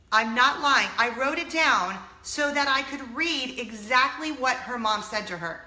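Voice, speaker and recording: A woman's voice: high-pitched, lively intonation, a little slow, pushed and bright, echoey room. A woman in her thirties, telling a personal story to her viewers in a casual, earnest and emotional way, close to tears at times. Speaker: vlog host.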